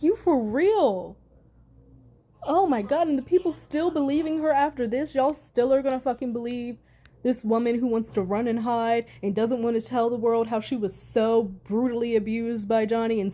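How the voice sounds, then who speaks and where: An angry woman rants straight into her vlog, swearing constantly and reading news aloud between outbursts. Her voice sits a little high, yet it sounds mellow and warm rather than bright. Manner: heated, profane ranting, reads news aloud. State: furious. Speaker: commentator.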